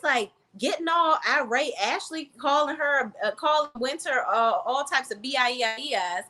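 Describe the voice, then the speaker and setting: A woman's high, expressive voice moves at a normal speed with hardly any pauses, bright and forceful in tone. She's doing a casual, blunt, swear-filled reality TV review vlog, speaking directly to viewers as "y'all" and "sis."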